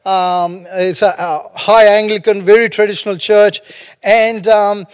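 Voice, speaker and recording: A man's voice: high-pitched, level tone, unhurried, smooth, long reverb tail. A man preaching a sermon as pastor, talking conversationally and joking between stories. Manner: humorous, conversational preaching with storytelling asides.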